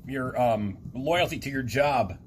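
A man's voice: medium pitch, expressive, slight background noise. A man hosting a podcast, asking questions in casual chat and throwing in teasing jokes. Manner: teasing, quick joking interjections. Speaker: podcast host.

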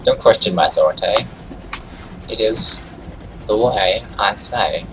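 A man's voice: fairly low pitch, unhurried, low-quality recording. A man streaming a video game, giving casual commentary and taunting opponents as he plays. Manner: taunting, trash-talking opponents. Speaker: gaming streamer. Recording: game music loud behind voice.

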